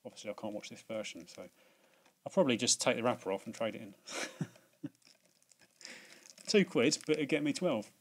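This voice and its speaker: A man's voice: medium pitch, expressive, normal speed, long pauses, husky. British male vlogger, mid-range voice, loose rambling delivery full of false starts. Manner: rambling, many restarts and fillers; laughs at himself, swears casually. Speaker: video host. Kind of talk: casual chat.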